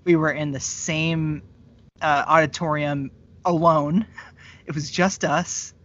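A man's voice: on the high side, fairly even intonation, takes it slowly, a bit bright. A man chatting casually on a podcast, rambling and laughing often. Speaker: podcast co-host. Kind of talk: casual chat. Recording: dull lo-fi sound.

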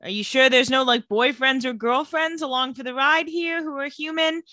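Brief: a woman playing a smug male vampire-werewolf villain, coaxing the crowd in a raised, bright, close voice. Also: sits high, normal speed, dry recording, pitched above the performer's own voice.

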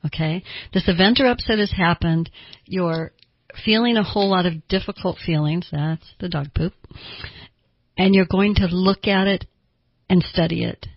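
A woman therapist explaining emotions in a calm, plain teaching manner with homely examples. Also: on the low side, normal speed, husky, dry recording, muffled recording.

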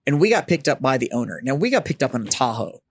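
A man hosting a podcast, telling stories in a casual bar chat, animated and swearing freely. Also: medium pitch, fast talker, slightly rough, dry recording, studio quality. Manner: animated storyteller, swears freely, mimics voices. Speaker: podcast host. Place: studio set up as a bar.

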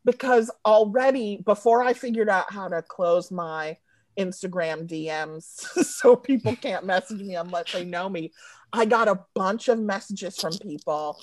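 A woman's voice: mid-range voice, measured pace, a little mellow, no echo. A woman comedy writer chatting casually, telling profane stories and laughing mid-sentence. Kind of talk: casual podcast chat.

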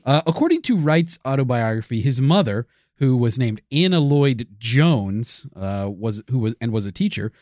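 A man's voice: mid-range voice, animated, normal speed, a little mellow, no echo, studio quality. A man co-hosting a comedic history podcast, reading notes with lots of fillers and cracking crude jokes. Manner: joking, crude, reads notes with many fillers. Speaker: podcast co-host.

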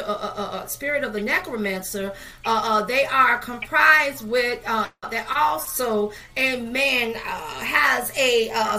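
A woman's voice: fairly high pitch, bright, forceful tone. A woman leading a Bible study, preaching fervently with frequent amens and hallelujahs and many fillers.

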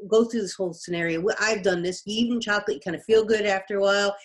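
A woman's voice: mid-range voice, fairly even intonation, fast talker. A woman guest, a biology professor, explaining things in casual conversation with everyday examples. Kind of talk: conversational interview.

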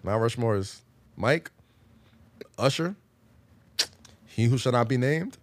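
A man's voice: medium pitch, expressive, slow. A man in his thirties in a casual, argumentative chat with friends, insisting on his picks and repeating himself. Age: 30s. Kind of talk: casual debate among friends.

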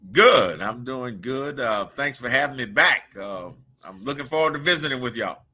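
A man's voice: mid-range voice, lively intonation, normal speed, sharp tone, husky. A man who is a basketball coach, speaking as a friendly guest on a radio show. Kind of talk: call-in guest interview.

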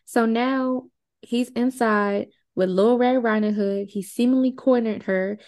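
A woman's voice: a little high, measured pace, darkish tone. A woman podcast co-host recapping a movie plot in a conversational, wry and indignant way.

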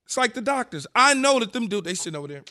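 A man's voice: extremely high pitch, big pitch swings, quick pace, pushed and bright. A man co-hosting a sports radio show in casual banter, emphatic and prone to repeating himself.

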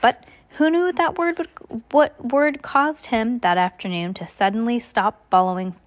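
A woman reading a novel aloud, stumbling and restarting often. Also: fairly high pitch. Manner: halting, with many restarts. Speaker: reader.

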